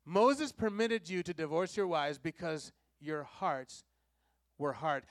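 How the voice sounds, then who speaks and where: A male pastor preaching in a high voice, drawing the congregation into call-and-response. He repeats key lines for weight and swings from loud, pressing emphasis to soft, low asides. The sound is dry and close, with almost no room. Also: takes it slowly, dry recording. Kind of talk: sermon.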